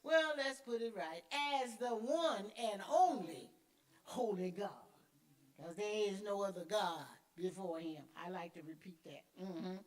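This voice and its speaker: A woman's voice: medium pitch, animated, measured pace, hardly any pauses. A middle-aged woman teaching a church Sunday school class, emphatic and conversational, repeating key words and answering herself with little affirmations. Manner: conversational with call-and-response fillers.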